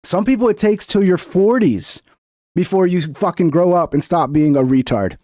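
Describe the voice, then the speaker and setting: A man's voice: high-pitched, moderate pace, mellow, no echo, studio quality. Fired-up sarcastic man ranting. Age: 30s or older. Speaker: reaction show host. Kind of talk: profane political reaction commentary.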